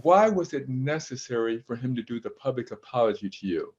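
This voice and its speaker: Male interviewer, reflective follow-up questions, mid-pitched voice, dull lo-fi recording. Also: animated, a little fast, a little mellow. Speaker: interview host. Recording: dull lo-fi sound.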